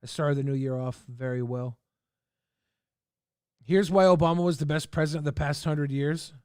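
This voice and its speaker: A man's voice: on the high side, moderate pace, darkish tone, smooth, no room sound, studio quality. A man hosting a livestream, giving rambling, laid-back commentary with chuckling asides. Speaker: livestream host. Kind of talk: casual stream commentary.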